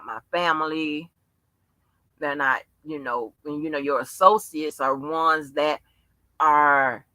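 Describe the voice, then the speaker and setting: A woman's voice: low-pitched, bright, forceful tone, dry recording. A woman hosting a live channel, rambling in casual talk and turning into profane, heated rants aimed straight at her viewers. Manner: rambling with many restarts and fillers. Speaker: channel host. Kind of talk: casual livestream rant.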